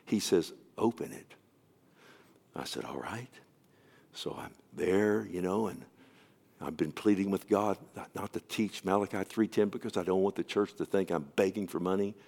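A middle-aged male pastor preaching a sermon, telling a story with acted-out dialogue, swinging from emphatic, raised delivery to hushed near-whispers. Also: low voice, fairly even intonation, normal speed.

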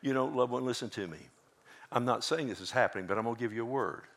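A male pastor preaching a sermon, swinging between loud emphatic bursts and quiet asides, drawing answers from the congregation. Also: mid-range voice, quick pace. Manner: preaching with rising emphatic bursts and call-and-response.

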